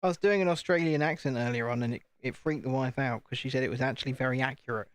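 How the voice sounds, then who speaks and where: A man's voice: mid-range voice, fast, clear, resonant tone, no room sound. A British man chatting casually on a live stream while building, talking to himself and joking at his own expense. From United Kingdom. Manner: chatty, self-deprecating, talks to himself.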